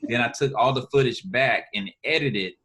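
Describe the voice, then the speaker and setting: Bright-toned man, guest on a podcast. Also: mid-range voice, moderate pace. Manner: animated, repeats words while thinking. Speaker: filmmaker guest. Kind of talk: casual podcast interview.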